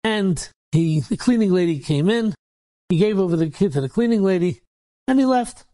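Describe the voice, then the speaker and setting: A man's voice: sits high, expressive, normal speed, dark tone. A man, a rabbi, telling a story in a casual, repetitive way, peppered with Yiddish and Hebrew words.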